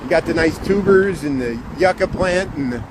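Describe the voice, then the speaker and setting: Chatty man, slightly high voice, outdoor walking vlog, wind and traffic noise on the mic. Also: animated, moderate pace. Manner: rambling, self-correcting, enthusiastic about buildings. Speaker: vlogger giving a walking tour. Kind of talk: casual walking-tour commentary. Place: city street outdoors.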